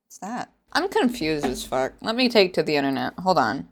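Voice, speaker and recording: Sarcastic lady ranting about a bad book, lowish voice, lots of ums and laughs. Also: very animated, moderate pace, slight background noise. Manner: sarcastic, laughing, rambling with fillers. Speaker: book reviewer. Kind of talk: casual reaction vlog.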